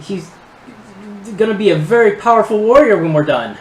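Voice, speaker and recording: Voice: medium pitch, animated, normal speed, slight background noise, voice pushed up, close to an everyday voice. A woman voicing a panicky old male gnome inventor who stammers and pleads near tears, in a tabletop game. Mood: panicked pleading. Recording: roomy echo.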